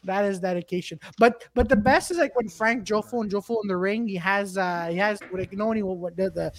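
A podcast guest in casual banter, excitable and repeating words as they go. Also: medium pitch, a little fast, dry recording.

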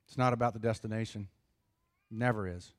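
A middle-aged man preaching a sermon in an earnest, conversational way, pausing for emphasis. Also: on the low side, fairly even intonation, dry recording, studio quality. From United States. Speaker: pastor.

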